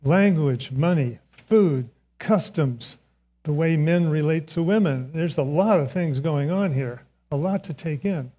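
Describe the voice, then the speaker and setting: A man's voice: fairly high pitch, measured pace, warm tone, muffled recording. An older man giving a Sunday sermon in a church, telling a self-mocking story and chuckling often. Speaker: speaker giving the Sunday message. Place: church sanctuary.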